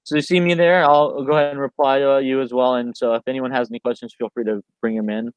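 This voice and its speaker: A man hosting a casual livestream interview, easygoing and quick to agree. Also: medium pitch, level tone, clean tone, dry recording, low-quality recording. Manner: easygoing, quick to laugh along. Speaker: livestream host.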